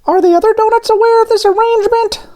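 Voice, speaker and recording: A man voicing an anxious talking doughnut in a storybook read-aloud, squeaky and urgent. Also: steady tone, fast, warm tone. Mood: shocked.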